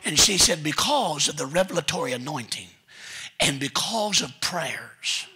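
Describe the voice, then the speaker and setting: Raspy, bright-voiced preacher. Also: male voice, fairly high pitch, expressive, a little slow. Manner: storytelling with folksy asides, building to shouted commands. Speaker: guest preacher. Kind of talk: sermon. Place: church sanctuary.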